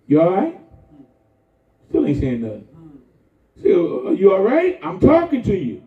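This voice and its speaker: A man preaching a lively, folksy sermon with call-and-response and shouts to the congregation. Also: high voice, a little slow. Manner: folksy, conversational, acts out quoted voices. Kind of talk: lively Palm Sunday sermon. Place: church sanctuary. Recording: echoey church heard from far off over a tinny line.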